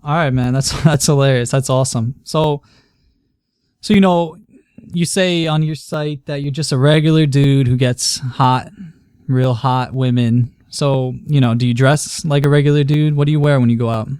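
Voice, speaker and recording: A young man hosting a casual podcast interview, eager and quick to agree and laugh along with his guest. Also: medium pitch, steady tone, a little mellow, smooth, no echo, studio quality. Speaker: podcast host.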